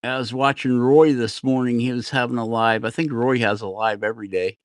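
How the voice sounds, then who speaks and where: A man's voice: medium pitch, fairly even intonation, a little fast, no echo. A middle-aged man from New Jersey talks loosely while carving and chats with viewers of his livestream. He rambles from topic to topic and laughs at himself as he goes. His voice is recorded close and dry, with no room sound. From New Jersey, USA. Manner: rambling, self-deprecating, laughs often. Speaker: woodcarving livestream host. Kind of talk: casual chat while carving.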